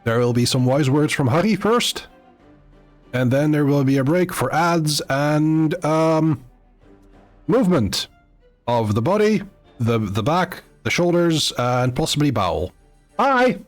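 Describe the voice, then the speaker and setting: A man chatting to viewers on a live game stream, halting often with fillers and restarts. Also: a little high, animated, soft background music. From Netherlands. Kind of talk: live gameplay stream chat.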